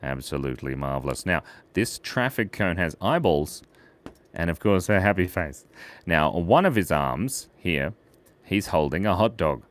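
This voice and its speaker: A man's voice: low voice, animated, unhurried. A man hosting a live drawing stream, chatting playfully and goofily with viewers as he draws their suggestions. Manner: playful, goofy, talks to the chat. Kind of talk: casual live-stream chat while drawing.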